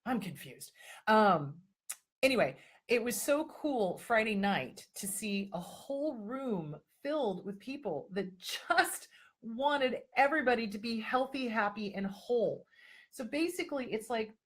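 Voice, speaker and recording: A woman's voice: fairly high pitch, expressive, unhurried, slightly rough. A woman hosting a live-stream advice talk and answering viewer questions, talking emphatically and with lots of repetition, and sometimes slipping into mocking voices to act out other people.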